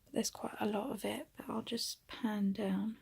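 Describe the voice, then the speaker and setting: Breathy young woman half-whispering. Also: medium pitch, flat delivery, normal speed. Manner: often drops to a whisper, chatty and rambling; coos softly to her cat. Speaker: vlogger. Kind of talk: casual vlog chat. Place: at home.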